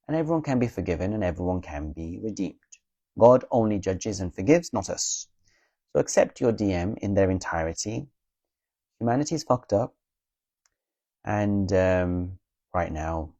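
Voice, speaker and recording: A man with a lowish, mellow voice talks straight to his viewers about spiritual healing. He is earnest and reassuring, often checks in with them, and drops a blunt curse without fuss. The sound is dry and close. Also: expressive, normal speed, pauses often, no echo, muffled recording. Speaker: spiritual advice creator. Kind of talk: casual spiritual talk to viewers.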